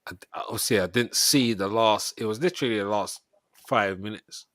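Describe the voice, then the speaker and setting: A man's voice: fairly low pitch, brisk, a bit bright, no room sound. Young man, stream host, slangy rambling banter, dry close sound. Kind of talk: casual football reaction chat.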